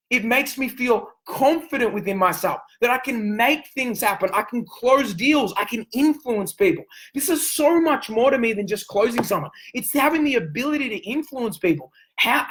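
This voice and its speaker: In a very high voice on a rough recording, a man delivers an intense, emphatic motivational sales coaching talk. He hammers his points home with repeated phrases and at times raises his voice almost to a yell.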